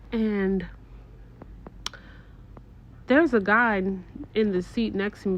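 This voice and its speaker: A middle-aged woman telling a casual story to her viewers, animated and swearing, with exaggerated disgust. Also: mid-range voice, muffled recording.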